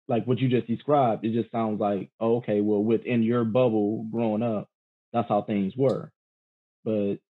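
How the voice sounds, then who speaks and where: A man guesting on a podcast, talking in relaxed slang, hesitant and often repeating himself. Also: medium pitch, breathy edge, phone-quality sound. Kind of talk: casual podcast chat.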